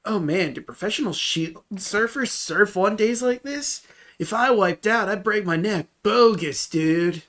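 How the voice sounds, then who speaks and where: A man's voice: high voice, lively intonation, takes it slowly, hardly any pauses, bright, forceful tone, voice pushed up, full character voice. A man doing a bummed-out surfer dude. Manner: drawling surfer slang. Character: laid-back male California surfer dude.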